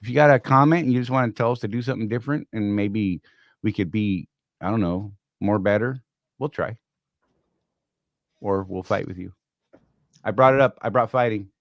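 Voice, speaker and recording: A man's voice: lowish voice, fairly even intonation, moderate pace, pauses often, no room sound, clean studio sound. A man in his fifties hosting a casual live-stream chat, joking and rambling as he mocks himself. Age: 50s. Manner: joking, rambling, self-mocking. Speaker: podcast host.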